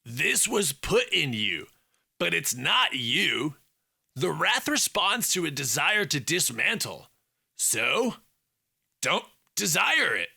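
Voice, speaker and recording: A man voicing a southern man with a Southern US accent, soothing and folksy as he calms a friend. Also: fairly high pitch, takes it slowly, vocal fry, breathy edge, pitched above the performer's own voice, full character voice.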